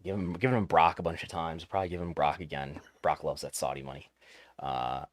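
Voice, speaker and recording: Man, podcast host, very low voice, dry close sound, casual wry news chat. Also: expressive, normal speed, no echo. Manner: wry, joking asides.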